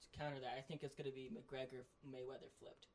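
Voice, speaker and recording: A man co-hosting a casual podcast, talking in an excitable, animated way as a sports fan. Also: medium pitch, fast. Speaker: podcast co-host. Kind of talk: casual chat.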